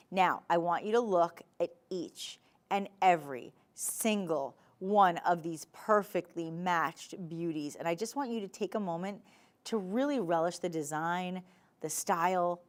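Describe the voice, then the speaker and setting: A woman with a New Jersey accent hosting a live TV shopping show, chatty, playful and emphatic as she pitches jewelry in a studio. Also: a little slow. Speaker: shopping channel host.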